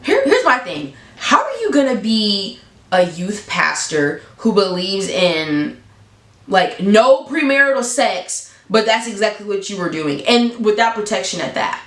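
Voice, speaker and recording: A woman tells a story to her viewers in a casual, blunt, animated way, her voice jumping high for emphasis. Her pitch sits mid-range. The sound reflects around an echoey room. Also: measured pace. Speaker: storytime vlogger.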